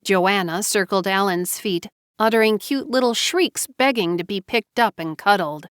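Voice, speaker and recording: A woman narrating a family saga audiobook in a measured storytelling delivery. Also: mid-range voice, clean tone, no room sound, studio quality.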